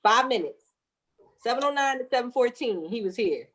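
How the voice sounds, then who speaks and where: A woman in her thirties with a voice on the high side tells a birth story at a normal speed. She keeps laughing and swearing as she acts out each voice in lively quotes.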